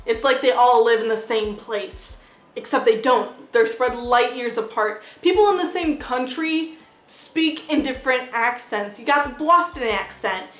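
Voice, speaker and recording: A woman talks through a book review in a loose, casual vlog style, leaning on "like" and dropping the odd swear word. Her voice sits a little on the high side. The room rings back with a noticeable echo. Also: unhurried. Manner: chatty, heavy use of "like" fillers; blunt, swears freely. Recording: roomy echo.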